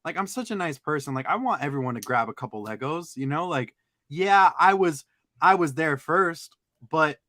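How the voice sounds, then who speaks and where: Animated storytelling man, dry close sound. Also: moderate pace, no room sound. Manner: animated, acts out other people's lines with sudden high-pitched outbursts. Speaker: podcast co-host. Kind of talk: casual storytelling chat.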